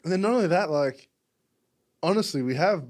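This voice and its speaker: A man's voice: high-pitched, lively intonation, a little fast, darkish tone. A young Australian man from Melbourne, a podcast guest talking casually, rambling with lots of "like" and frequent laughs. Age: young adult. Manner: rambling, heavy use of "like", laughs often. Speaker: podcast guest, music publication founder. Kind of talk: casual conversation.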